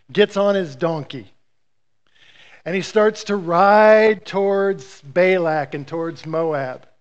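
A man preaching with lively, story-driven energy and playful asides to his congregation. His voice sits high for a man. The recording sounds dull and lo-fi. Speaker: pastor. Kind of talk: sermon.

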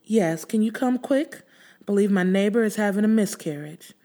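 A woman's voice: medium pitch, moderate pace, warm tone, close to an everyday voice. A woman doing a worried, soothing neighbor lady. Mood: urgent. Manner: soothing but urgent. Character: worried kind female neighbor, calming and urgent.

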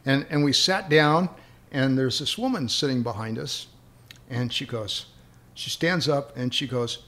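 A man's voice: mid-range voice, unhurried, a bit bright. A man, an interview guest, telling long rambling anecdotes and chuckling as he remembers them. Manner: rambling, chuckling as he recalls stories. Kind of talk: anecdotal storytelling.

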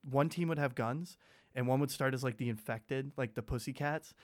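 A man's voice: medium pitch, moderate pace. A young man in casual chat, telling rambling school stories full of fillers and laughter.

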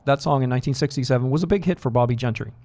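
A man's voice: medium pitch, racing, darkish tone. A man hosting a rock radio show, chatting casually with rambling, self-deprecating asides into a studio microphone. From Boston area. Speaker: radio DJ host. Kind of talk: casual on-air chat.

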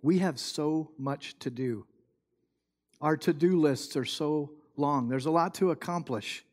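A male pastor giving a sermon, telling a story and acting out the people in it, turning soft and quiet at the moving parts. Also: on the high side, a little slow. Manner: storytelling, quotes people in lively bursts, drops soft for moving moments.

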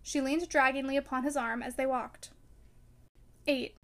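High-voiced woman reading a novel. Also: fairly even intonation, fairly quick. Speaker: audiobook reader. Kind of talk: scripted narration.

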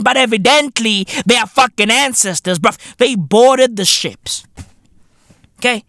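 Man, comedic podcast rant, profane and slang-heavy, shouty, bright tone, dry room. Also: extremely high pitch, a little slow, no echo. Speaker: podcast host.

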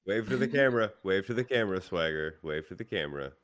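A man's voice: sits low, lively intonation, quick pace, a bit bright. A man co-hosting a casual podcast, talking in a folksy way and saying "y'all". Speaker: podcast co-host.

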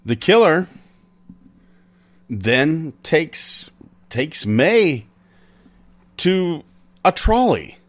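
A man hosting a podcast, retelling an old crime story in an unhurried, conversational way with pauses. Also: fairly high pitch, sing-song. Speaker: podcast host.

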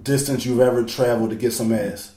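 A man's voice: medium pitch, steady tone, dark tone. Young man in profane banter. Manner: profane banter, quick interjections. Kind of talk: casual chat. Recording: roomy echo.

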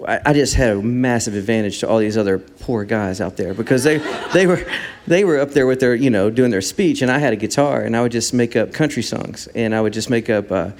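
A man's voice: mid-range voice, fairly quick, hardly any pauses, a little mellow, a little hiss or hum. A middle-aged man, a worship leader telling stories in an interview, often laughing at himself. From Texas. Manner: laughing, self-deprecating storyteller. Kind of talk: interview chat.

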